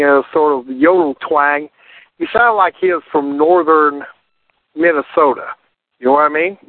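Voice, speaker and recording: A man's voice: a little high, no room sound. An American man hosting a radio call-in show, asking meandering, chatty questions. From United States. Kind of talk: casual call-in chat. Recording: dry tinny phone-like line.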